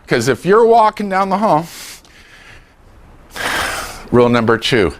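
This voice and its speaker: Animated man giving a care lecture. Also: fairly high pitch, slow pace, pauses often. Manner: animated, acts out quoted dialogue. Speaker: dementia care educator. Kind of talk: lively training lecture. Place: room with a live audience.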